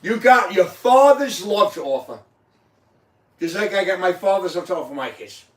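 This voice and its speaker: A man's voice: sits high, animated, normal speed. Emotional, profane man in an echoey room. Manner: emotional, profane, insistent and repetitive. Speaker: host. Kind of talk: casual livestream chat. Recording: echoey room, mic at a distance.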